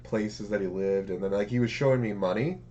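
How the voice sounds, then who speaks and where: A man from the United States co-hosting a podcast, talking in a relaxed way with many fillers. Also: lowish voice, brisk, slight background noise. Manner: relaxed, lots of filler words. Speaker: podcast co-host. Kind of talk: casual chat.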